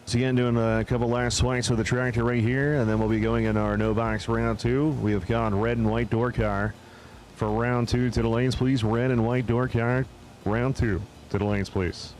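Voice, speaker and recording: A man calling a drag race live at the track, chatty and excitable, announcing pairings and calling cars to the lanes. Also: medium pitch, normal speed, slight background noise. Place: outdoors at a drag strip.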